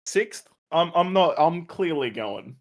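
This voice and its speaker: A man's voice: fairly high pitch, animated, slow pace. Joking man, stammering gamer. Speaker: tabletop game player. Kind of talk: casual chat and in-character play.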